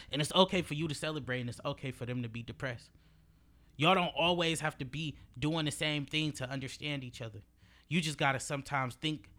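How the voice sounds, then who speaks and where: A man's voice: mid-range voice, fairly bright tone. A man in his early twenties giving an emphatic, preachy motivational monologue as a podcast host, in casual slang with swearing and repeated phrases. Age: early 20s.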